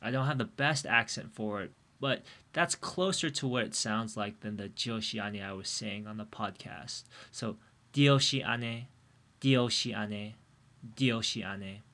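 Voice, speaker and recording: A man's voice: fairly low pitch, moderate pace, few pauses, sharp tone. A man co-hosting a podcast in casual chat, rambling with many fillers and restarts. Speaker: podcast co-host.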